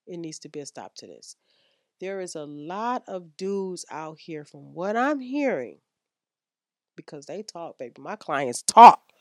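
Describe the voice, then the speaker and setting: Blunt low-voiced woman lecturing on sex. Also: no room sound, studio quality. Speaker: podcast host. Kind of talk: frank sex-advice podcast talk.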